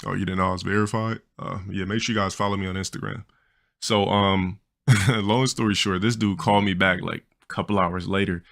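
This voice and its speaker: A man's voice: low-pitched, fairly even intonation, fairly quick, gravelly, a bit bright. A man in his forties, a streamer telling a crude story in a blunt, rambling, casual way. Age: 40s.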